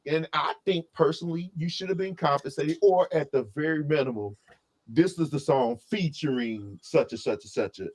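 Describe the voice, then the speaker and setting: A man co-hosting a casual album review, talking in an opinionated, animated way full of asides and restarts. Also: a little high, normal speed.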